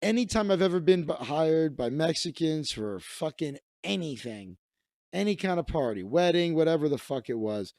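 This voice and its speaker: A comedian and magician in his thirties hosts his own livestream, ranting casually through stories that are profane, rambling, and full of self-interruptions. His slightly high voice has a darkish tone and lively intonation at a normal speed. The recording is dry and studio quality.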